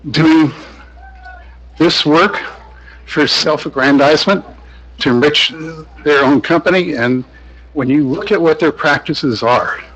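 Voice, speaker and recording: A man speaking during public comment at a county meeting. He talks in a forceful, formal and accusatory way. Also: on the high side, low-quality recording. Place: county commission meeting room.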